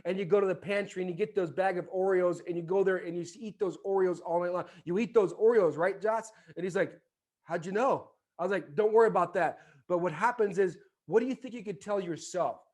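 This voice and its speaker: A former baseball player in his forties, appearing as a podcast guest, tells a story in casual conversation and animatedly acts out the voices of the people in it. His voice sits high with a darkish tone, and he talks at a quick pace with few pauses.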